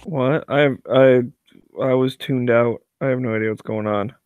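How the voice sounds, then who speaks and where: A man's voice: medium pitch, steady tone, normal speed, clean tone, no room sound, narrow, tinny audio. A man hosting a casual podcast chat and teasing his guests dryly.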